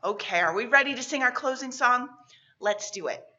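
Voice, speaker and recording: A woman's voice: on the high side, lively intonation, muffled recording. A woman librarian reading a picture book aloud and leading a storytime for children. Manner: warm, slow, sing-song delivery for kids.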